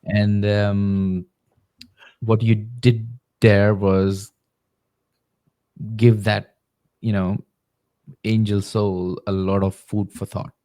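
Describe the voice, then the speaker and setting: A man hosting a podcast, reacting in short murmurs and reflecting slowly on what his guest says in a casual interview. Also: lowish voice, little pitch movement, mellow. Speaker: podcast host.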